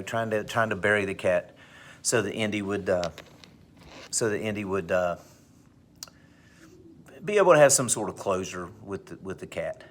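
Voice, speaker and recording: A male teacher telling a personal anecdote to his class, with big animated swings in pitch and pace. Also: slight background noise. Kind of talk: storytelling in class.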